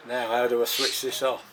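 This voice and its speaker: An Englishman with an English accent talks slowly and chattily to his viewers from his home kitchen. He rambles and circles back on his words at an unhurried pace, in a voice of middling pitch. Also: fairly bright tone, slight background noise. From England. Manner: rambling, chatty, repeats himself. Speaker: home cooking vlogger. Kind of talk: casual chat to camera.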